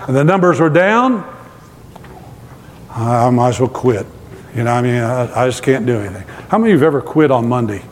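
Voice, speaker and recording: A male pastor with a mid-range voice preaches from the pulpit to a live congregation, telling humorous, self-deprecating stories and often tossing questions to the audience. His delivery is animated and slightly quick. The sermon recording has a long reverb tail from a large hall and a bit of hiss or hum.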